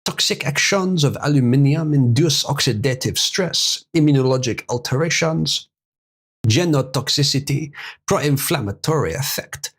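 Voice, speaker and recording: A man doing a slow, deliberate impression of a well-known man while reading a scientific text aloud. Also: mid-range voice, lively intonation, fairly bright tone, slightly rough. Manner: drawn-out, measured reading. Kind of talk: read-aloud in a put-on voice.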